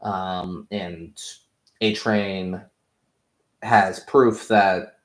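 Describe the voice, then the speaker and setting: Man, casual episode recap, low voice, rambling and profane, echoey room. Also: steady tone, extremely slow. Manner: rambling, profane, heavy on "like" fillers. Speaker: show review host.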